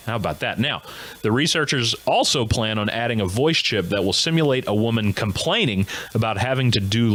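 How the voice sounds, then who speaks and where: A man's voice: medium pitch, fairly bright tone. A man hosting a comedic news monologue who laughs at his own gags. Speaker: comedy show host.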